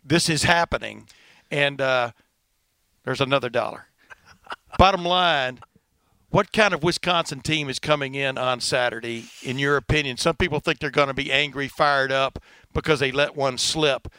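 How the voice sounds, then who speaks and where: A man with a Texan southern twang hosting a casual sports podcast, talking fast and joking, with plenty of fillers. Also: mid-range voice, bright, forceful tone, clear, resonant tone, no room sound. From Texas. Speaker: podcast host.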